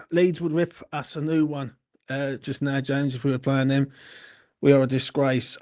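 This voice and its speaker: A young man hosts a late-night football Q&A, a little tipsy and rambling as he answers comments. He speaks bluntly and swears freely, in a voice sitting a bit high for a man. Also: darkish tone. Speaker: football channel host. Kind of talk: late-night live Q&A, reading chat comments.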